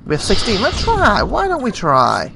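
A man's voice: sits high, huge pitch swings, moderate pace, vocal fry, a crowd in the background. A man hosting a let's play, giving casual gameplay commentary and thinking aloud as he asks viewers questions. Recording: noisy home recording.

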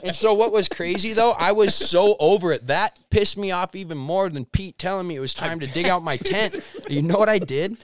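Guy in his 30s telling a crazy story on a podcast, cussing a lot, gets real loud then real quiet, dry sound. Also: normal speed, hardly any pauses, no room sound. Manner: animated, profane, swings from low mutters to shouting. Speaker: podcast guest, pro skier. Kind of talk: casual storytelling chat.

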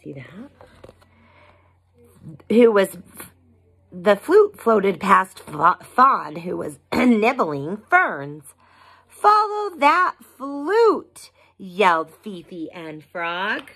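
A woman, a preschool teacher, reading a picture book aloud to young children and pausing for asides to them. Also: fairly low pitch, lively intonation, fairly bright tone, slightly rough. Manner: slow, drawn-out storytime voice with asides to the children.

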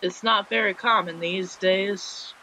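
A woman's voice: mid-range voice, steady tone, slow, bright, forceful tone. A woman voicing a friendly male fisherman in a video game, making a half-hearted try at a sailor's way of talking. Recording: dull lo-fi with faint hiss.

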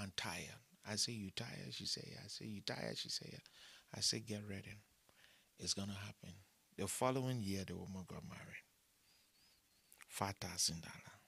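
A man's voice: fairly low pitch, vocal fry, a bit bright, slightly rough. A man, preaching a sermon, telling stories and asking for money with humor, repeating short phrases for emphasis. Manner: storytelling preacher who mixes humor with appeals for money. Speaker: pastor.

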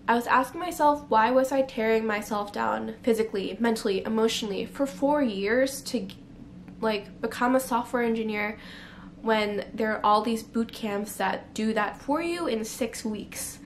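A woman's voice: a little high, moderate pace, slight background noise. A young woman telling a candid, emotional personal story to camera, close to tears at times and full of fillers. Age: young adult. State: near tears. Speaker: vlogger. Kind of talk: personal confessional vlog.

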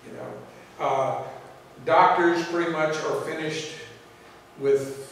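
A man's voice: fairly high pitch, fairly even intonation, takes it slowly, a bit bright. A man who is a priest gives an earnest, reflective presentation to a church assembly and poses searching questions. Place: assembly hall. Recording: echoey hall from far off with room noise.

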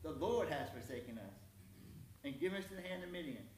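A man's voice: on the high side, very animated, fairly quick, a little mellow, echoey room, distant mic, a little hiss or hum, poor audio. A man reading Gideon's lines as a sarcastic, bitter young man complaining about his lot, in a preacher's sermon.

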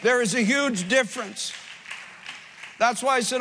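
A pastor preaching an impassioned sermon that swells from hushed to loud. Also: male voice, very high-pitched, a little slow, long pauses, in a large hall, slight background noise.

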